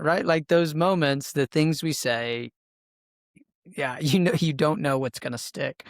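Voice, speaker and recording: A man's voice: medium pitch, no room sound. Curious male podcast host, dry mic. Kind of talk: podcast interview, asking questions.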